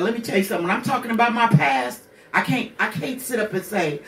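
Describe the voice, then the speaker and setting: A woman's voice: medium pitch, animated, fast talker, few pauses, fairly bright tone, echoey room, recorded from a distance, a little hiss or hum. A woman in her sixties hosting a radio show, telling her own hard story bluntly, with curses and rhetorical questions. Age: 60s. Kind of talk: candid personal monologue.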